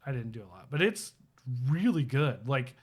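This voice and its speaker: A man's voice: medium pitch, normal speed, breathy edge. A man co-hosting a live stream, telling a game story in casual chat with lots of fillers and acted-out quotes. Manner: animated storyteller, acts out quotes, many fillers. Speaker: podcast co-host. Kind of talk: casual chat about video games.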